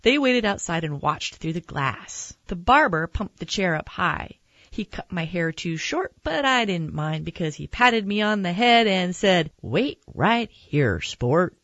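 A woman reading a children's picture book aloud in a gentle, expressive storytelling manner. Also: on the low side, unhurried, no echo, dull audio. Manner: gentle, expressive read-aloud with character voices.

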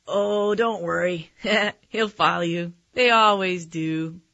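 A woman's voice: fairly low pitch, slow, creaky, pushed and bright, no room sound, highs cut off, full character voice. A woman voicing a friendly bakery lady in a storybook reading, cheery and reassuring.

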